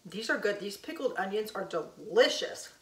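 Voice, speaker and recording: A woman's voice: medium pitch, animated, moderate pace, far from the mic. Chatty woman in an echoey kitchen. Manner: chatty, folksy, addresses viewers as y'all. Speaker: cooking vlogger. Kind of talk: casual cooking vlog. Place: home kitchen.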